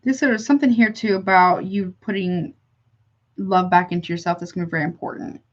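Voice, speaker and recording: A woman's voice: fairly low pitch, fairly even intonation, a little fast, muffled recording. A woman doing a live tarot reading for her chat viewers, chatty and affectionate, calling them honey between card draws. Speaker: tarot reader.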